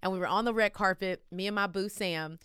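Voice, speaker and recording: Loud, bright-voiced Texan woman host. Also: medium pitch, brisk, clean tone, no echo, clean studio sound. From Texas. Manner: loud, energetic and emotional. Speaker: podcast host. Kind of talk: casual podcast chat.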